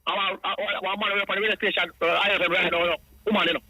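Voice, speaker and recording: A man's voice: sits high, little pitch movement, rapid-fire, sharp tone, no echo, low-quality recording. A man with a Jamaican accent calling in over the phone, rambling through a long account in patois and repeating himself. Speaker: radio caller.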